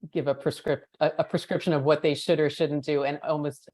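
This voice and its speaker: A woman's voice: low voice, little pitch movement, brisk, a little mellow. A woman hosting a podcast, speaking in a thoughtful, reflective way. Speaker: podcast host. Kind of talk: podcast conversation.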